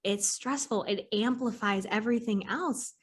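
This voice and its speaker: Her voice is fairly high and slightly rough, at a moderate pace. A therapist hosting a laid-back interview podcast, she talks animatedly, drops casual swears, and imitates the voices of her clients.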